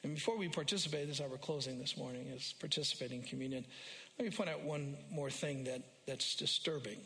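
Bright-voiced male pastor preaching in a reverberant hall. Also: quick pace, gravelly. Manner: rises to a loud, high delivery when quoting scripture; repeats and restarts phrases for emphasis. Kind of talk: sermon. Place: church sanctuary.

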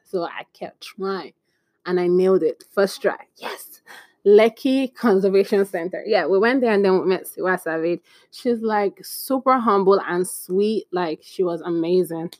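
A woman vlogging in a casual, animated storytelling way, chatty and laughing at her own stories. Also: lowish voice, no echo.

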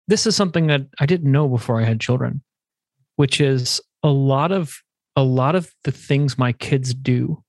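Guy hosting a chat, reflective, kinda thinking out loud, dry mic. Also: medium pitch, no room sound. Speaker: host. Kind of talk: interview conversation.

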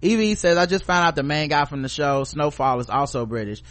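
A man co-hosting a podcast, his voice sitting a little high for a man. He talks in loose, casual chat and gives blunt, profane, strongly opinionated commentary. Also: expressive, fairly quick, a bit bright. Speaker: podcast co-host.

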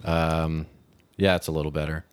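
A man's voice: extremely low pitch, little pitch movement, normal speed, clear, resonant tone, dry recording. A man co-hosting a podcast in casual chat, asking questions and thinking aloud while recording indoors with headphones. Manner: asks questions and talks things through casually. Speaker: podcast co-host. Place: podcast setup with mixer, indoors. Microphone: podcast mic with headphones.

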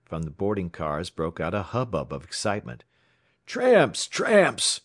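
A man from the United States narrating a story aloud in a dramatic, expressive way. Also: low-pitched, fairly quick, no echo, studio quality. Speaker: audiobook narrator. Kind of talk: scripted narration.

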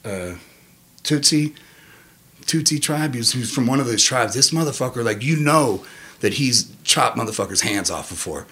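An animated man telling stories with lots of swearing, in casual conversation. When he acts out his own reactions, his voice jumps sharply upward. His middle-range voice is otherwise plain. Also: normal speed. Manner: animated, profane, jumps into high-pitched quotes of himself. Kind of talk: casual storytelling chat.

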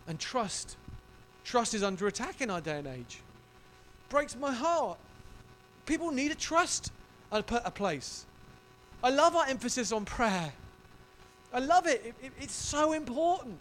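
A male pastor preaching a sermon in an emotional, effusive and animated way. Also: very high-pitched, moderate pace, long pauses, slight background noise.

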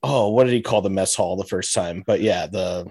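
A man's voice: low-pitched, normal speed, a little mellow, breathy edge. Man recapping scenes on a podcast. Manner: recaps scenes, hesitant and searching for words. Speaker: podcast co-host. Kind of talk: casual chat reviewing a TV episode.

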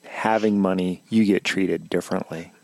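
A man's voice: low voice, steady tone, moderate pace, creaky, rough recording. A man hosting a podcast interview, reacting to his guest with short, sympathetic comments. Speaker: podcast host. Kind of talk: casual interview chat.

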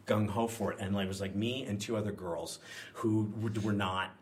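A man from Pennsylvania, a guest telling stories in casual conversation, rambling and animated with many restarts. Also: on the low side, moderate pace.

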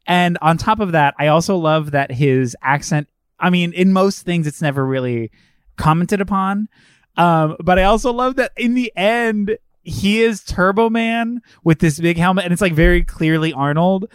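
A podcast co-host talking casually about a movie, riffing in animated bursts and laughing often. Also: mid-range voice, normal speed, clear, resonant tone, no room sound, studio quality.

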